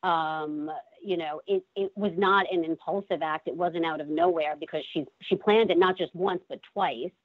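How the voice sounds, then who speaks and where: A woman guest talks through a tinny phone line. She has a lowish voice and hesitates with many fillers. The sound is dry. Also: fairly even intonation, normal speed, no echo. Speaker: guest commentator.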